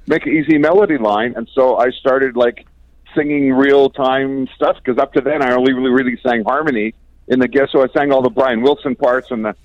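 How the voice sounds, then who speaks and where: A man's voice: medium pitch, fairly even intonation, a little fast, no room sound. Older male guest, chatty storyteller, lo-fi dry interview audio. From Canada. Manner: chatty anecdotal storyteller, chuckles often. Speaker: guest musician. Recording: dry, dull lo-fi sound.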